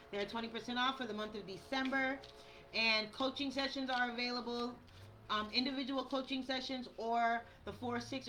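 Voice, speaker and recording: Speaking in a fairly high, sharp-toned voice, a woman tarot reader and spiritual coach delivers a chatty, direct monthly reading, reading out card texts and calling her audience y'all. The recording is low quality, with faint outdoor yard sounds behind her.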